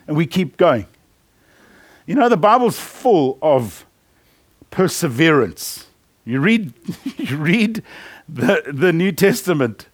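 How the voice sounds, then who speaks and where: A man with a fairly high voice preaches to his congregation in an easy, conversational way. He tells stories as he goes, laughs often and restarts his sentences. The sound is close and dry, with little room around it. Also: dry recording. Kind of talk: sermon.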